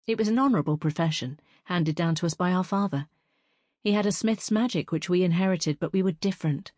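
A woman narrating a first-person fantasy story as an audiobook reader, in a measured, even storytelling manner. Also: lowish voice, no room sound, clean studio sound.

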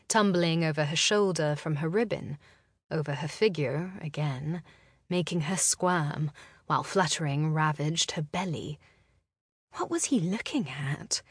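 A woman narrating a romance novel in a calm, deliberate storytelling voice. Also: fairly low pitch, dry recording, studio quality. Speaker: audiobook narrator. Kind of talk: scripted narration.

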